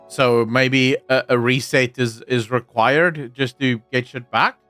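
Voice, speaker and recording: A man's voice: medium pitch, fairly even intonation, takes it slowly, pushed and bright, no echo. Guy rambling to his stream chat, opinionated, dry close sound, bit of music under it. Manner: rambling, opinionated, frequent restarts. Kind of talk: casual livestream chat.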